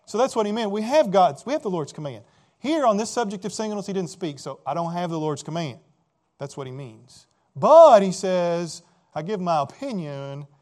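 Pastor, male, slightly high voice; emphatic expository preaching with rhetorical questions. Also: a little mellow. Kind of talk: expository sermon.

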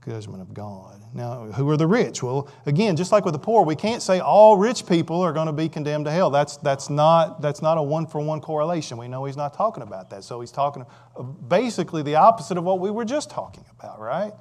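A male preacher giving a conversational sermon, asking rhetorical questions and swinging between loud emphatic stretches and quiet asides. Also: a little high, animated, brisk, hardly any pauses.

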